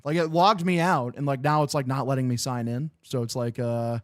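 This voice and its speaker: A man's voice: mid-range voice, fairly even intonation, a little fast, no room sound, clean studio sound. A young man hosting a casual live game-watch stream. He swears a lot, sounds frustrated and talks to his chat as "boys". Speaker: livestream host.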